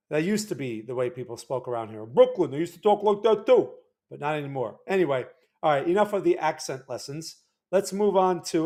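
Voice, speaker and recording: A man's voice: fairly high pitch, a little mellow. New Jersey man talking through charts. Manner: loose, conversational, frequent restarts and "right?" check-ins. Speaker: market analysis livestream host. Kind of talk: casual livestream chart commentary.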